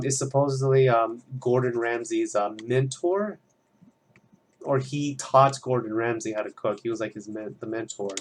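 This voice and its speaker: Young male art student, loose rambling chatter at home, mid pitch, faint background noise. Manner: rambling, chatty, swears freely. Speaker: art student drawing on stream. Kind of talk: casual commentary while drawing.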